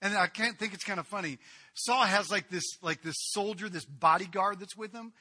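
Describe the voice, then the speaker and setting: A man preaching a sermon, retelling a Bible story in a lively way with casual asides. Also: sits high, moderate pace.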